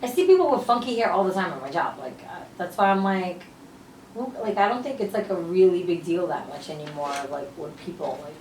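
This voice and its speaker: Relaxed woman guest, inquisitive, distant roomy recording with light hiss. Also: fairly low pitch, a little fast. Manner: relaxed, asks questions, laughs along. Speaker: podcast guest. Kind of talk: casual chat. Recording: roomy, distant mic with faint noise.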